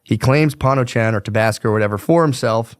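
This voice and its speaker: A young man with a clean-toned, mid-range voice talks fast as he hosts a podcast retelling history. He is casual, profane, and slangy, rambling with fillers, and the recording is clean studio sound with no room sound.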